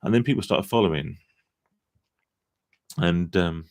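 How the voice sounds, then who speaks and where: A man with a very low, gravelly voice chats on a live stream. He sounds tired and talks loosely and frankly, with casual swearing. The sound is close and dry. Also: normal speed, long pauses, no echo. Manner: chatty, self-deprecating, swears casually. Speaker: live-stream host on gambling recovery. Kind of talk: casual live-stream chat reading viewer comments.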